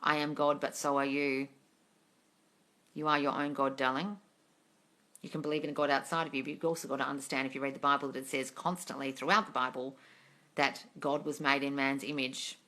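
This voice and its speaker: A woman's voice: extremely low pitch, flat delivery, fairly quick, sharp tone. A woman, hosting a casual live Q&A on manifesting, blunt and swearing freely, calling viewers darling. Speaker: manifestation coach answering live chat questions. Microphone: phone or webcam, live stream.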